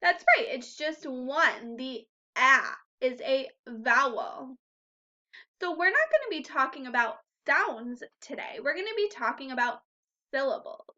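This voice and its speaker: A woman's voice: high voice, animated, a little slow, pushed and bright, dull audio. A woman teaching a first grade phonics lesson to young children in a patient, encouraging way. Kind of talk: recorded online phonics lesson.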